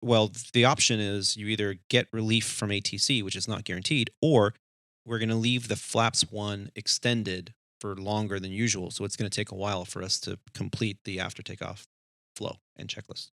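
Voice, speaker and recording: A man's voice: fairly low pitch, normal speed, vocal fry, no echo, studio quality. A man co-hosting an aviation podcast, telling a cockpit story in casual chat and acting out the voices in it. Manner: animated storyteller, acts out dialogue in his story. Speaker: airline pilot podcast host.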